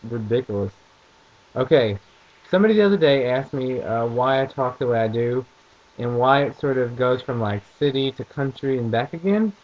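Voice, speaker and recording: A man's voice: mid-range voice, lively intonation, moderate pace. A young man with a mild Southern accent, chatting casually and jokingly in a vlog, in a dull lo-fi recording. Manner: rambling, joking, a bit crude.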